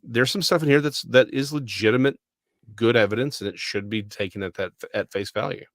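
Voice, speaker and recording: A man's voice: medium pitch, fairly quick, a bit bright, no echo. A man from Texas co-hosts a podcast conversation, working through his view in long, meandering sentences. His voice sits in the middle range, and the sound is dry and close to the mic. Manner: thoughtful, rambling, full of restarts. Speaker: podcast co-host. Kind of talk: casual discussion.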